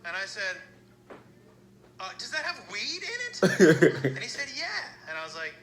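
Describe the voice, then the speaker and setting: A man's voice: high voice, sing-song, moderate pace. A man doing a stand-up routine on a club stage, telling stories and slipping into quoted voices of the people in them. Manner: storytelling, jumps into quoted voices. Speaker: stand-up comedian. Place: comedy club stage before a live audience. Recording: roomy club sound with crowd. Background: laughing audience.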